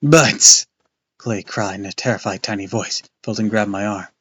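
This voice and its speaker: A man's voice: fairly low pitch, little pitch movement, a little fast, a little hiss or hum. A man casually reading a book aloud on a live stream, loose and off-hand, with crude asides.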